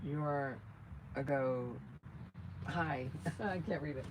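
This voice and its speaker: A woman with a lowish voice hosts a casual live vlog, rambling and joking at her own expense. She speaks into a phone outdoors by her truck, with steady fan and vehicle noise clearly heard behind her. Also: drawn-out words. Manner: rambling, chatty and self-joking. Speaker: channel host. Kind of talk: casual livestream chat. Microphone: phone camera.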